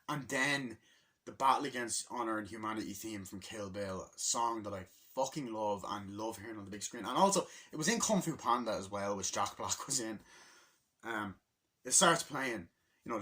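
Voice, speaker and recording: A man's voice: fairly low pitch, fairly bright tone. A man casually retelling a movie's opening scene by scene in a rambling, profane vlog review.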